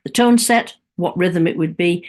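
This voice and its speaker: A woman's voice: on the low side, normal speed, a little mellow. A woman music teacher giving a webinar, chatty and demonstrative, dropping into sung and whispered examples.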